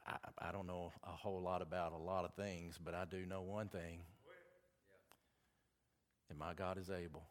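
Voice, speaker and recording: A man's voice: deep voice, little pitch movement, moderate pace, pauses often. A man with a Southern accent preaching a sermon, chatty and folksy, with asides between the scripture readings.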